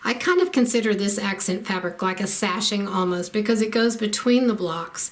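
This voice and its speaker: A middle-aged woman talks through a quilt pattern in a casual tutorial. She explains each step plainly, pausing on ums. Her voice sits at an ordinary middle pitch. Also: animated. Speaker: quilting instructor.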